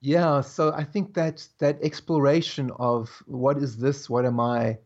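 A man as an interview guest, telling stories in a slow, reflective way with soft laughs. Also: mid-range voice, flat delivery, highs cut off. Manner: slow, musing, laughs softly between thoughts. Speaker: guest, spiritual teacher. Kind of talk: reflective conversational storytelling.

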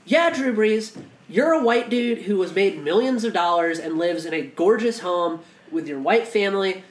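Here a podcast co-host with a high-sitting, expressive voice speaks at normal speed. He brings impassioned, profane energy to the casual conversation, restarting often, and the recording has an echoey room sound.

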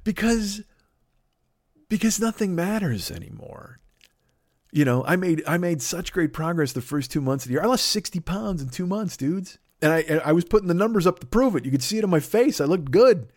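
His voice sits high and he talks briskly; the recording is dry and studio quality. He's a podcast host in his fifties, rambling through crude comic stories in an animated way.

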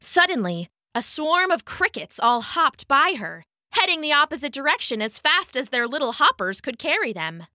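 Bright, lively woman reading a children's story. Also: sits high, no room sound, clean studio sound. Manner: expressive, unhurried reading.

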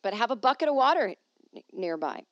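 A woman's voice: on the high side, big pitch swings, brisk, no echo, dull audio. A woman hosting a podcast from home, chatting casually and reading an article aloud with wry, jokey asides. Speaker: podcast host.

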